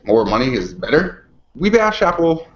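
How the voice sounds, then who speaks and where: Lively, laughing male co-host. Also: fairly high pitch, moderate pace. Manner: animated, laughs often. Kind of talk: casual chat. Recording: roomy, dull lo-fi home recording.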